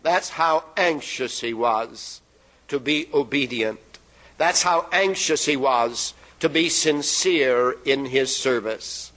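A man's voice: mid-range voice, a bit bright, low-quality recording. A man preaching a sermon in an emphatic way, drawing out phrases and letting them fall at the ends. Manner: emphatic, drawn-out phrases with falling endings.

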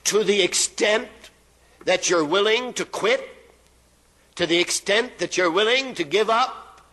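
A man's voice: high voice, sharp tone, poor audio. A man preaching a sermon in an emphatic way, drawing out phrases and letting them fall at the ends. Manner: emphatic, drawn-out phrases with falling endings.

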